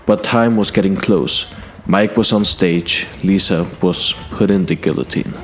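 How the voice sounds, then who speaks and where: Low-voiced man narrating a fantasy tale. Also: measured pace, a little hiss or hum. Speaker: storyteller. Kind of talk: in-character fantasy narration addressed to a king.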